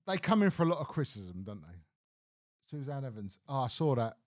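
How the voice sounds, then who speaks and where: Animated, blunt man ranting. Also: medium pitch, a little fast. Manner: blunt, animated, swears freely. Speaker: live stream host. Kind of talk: casual opinion rant on a live stream.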